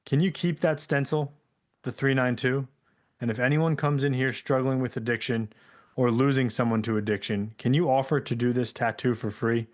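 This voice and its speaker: A man reading aloud the words of a grieving mother, gentle and pleading, with a slightly raised voice. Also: medium pitch, steady tone, normal speed, lightly acted. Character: grieving mother, middle-aged woman, tearful.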